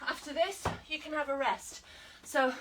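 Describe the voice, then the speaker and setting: British woman fitness instructor, high voice, breathless, coaching live; mic set back, faint hiss. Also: normal speed, fairly bright tone, recorded from a distance, rough recording. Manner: encouraging, counting down and coaching while exercising. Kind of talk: online exercise class.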